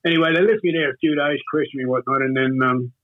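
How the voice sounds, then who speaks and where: An older man with an Australian accent, telling a long story in an interview in a rambling, halting way with many fillers and restarts. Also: medium pitch, fairly even intonation, a crowd in the background. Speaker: interview guest. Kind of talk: casual storytelling. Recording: tinny phone-like audio.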